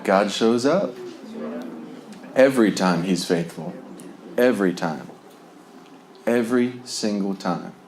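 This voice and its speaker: A man's voice: on the low side, slow pace, long pauses, darkish tone, slight background noise. A man from New Jersey telling his recovery testimony in a rambling way, with many fillers and frequent chuckles. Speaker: speaker sharing a recovery testimony. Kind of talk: personal testimony storytelling.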